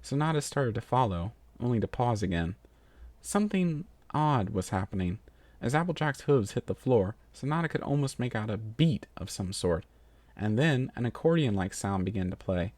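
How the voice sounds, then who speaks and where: A man narrates a fan fiction story in a lively reading voice. His pitch swings widely across each sentence. The recording is dry and close. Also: normal speed, no echo.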